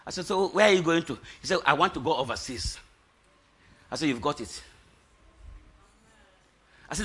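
Husky-voiced and speaking at a normal speed with frequent pauses, this middle-aged man is a pastor preaching a lively testimony sermon. He shouts at the climaxes and laughs in between lines.

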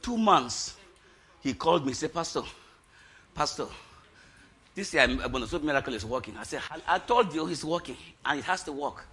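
A middle-aged man, a pastor giving an animated testimony sermon, shouting at its high points and laughing between lines. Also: normal speed, pauses often, breathy edge.

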